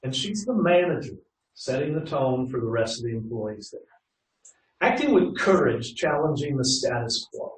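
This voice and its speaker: A man's voice: medium pitch, sing-song, moderate pace. A middle-aged man leading a customer service workshop, chatting with the audience and asking them questions. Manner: conversational, asks the audience questions. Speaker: workshop leader. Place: training room. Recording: roomy echo from a distant mic.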